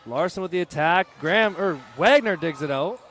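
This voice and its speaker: Young man giving relaxed color commentary. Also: high voice, moderate pace. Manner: relaxed analytical remarks. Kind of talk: high school sports commentary. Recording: faint gym noise behind.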